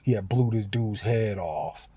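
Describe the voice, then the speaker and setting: A man's voice: on the low side, measured pace, warm tone, breathy edge. A man telling a story in a casual, slangy monologue, full of filler phrases and laughter. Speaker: vlogger.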